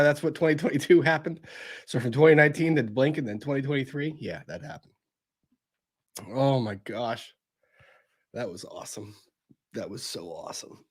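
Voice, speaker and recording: A man hosting a casual livestream chat, excitable and quick to laugh. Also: on the high side. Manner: giggly, excitable, laughs often. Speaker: host.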